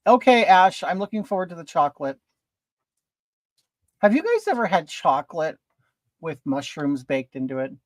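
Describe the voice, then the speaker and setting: In a dry recording, a man with a slightly high voice hosts a laid-back livestream from his home. He chats while applying makeup, reading viewer comments aloud and welcoming them by name.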